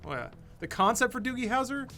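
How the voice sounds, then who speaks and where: A man's voice: extremely high pitch, very animated, fairly quick, creaky, sharp tone, soft background music. A man co-hosting a gaming livestream, in casual, joking banter with a dry, sarcastic edge. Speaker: podcast co-host. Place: studio room, gaming livestream.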